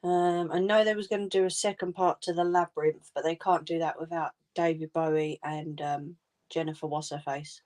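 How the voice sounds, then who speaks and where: A woman's voice: sits low, steady tone, moderate pace, a little mellow. A woman chatting casually and informally with viewers on a home crafting livestream, laughing often.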